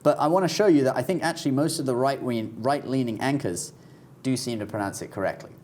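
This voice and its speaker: A man's voice: medium pitch, quick pace, a little mellow. A man with a British accent co-hosting a casual discussion show, easygoing and often chuckling as he talks. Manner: easygoing, chuckles through remarks. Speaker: show co-host.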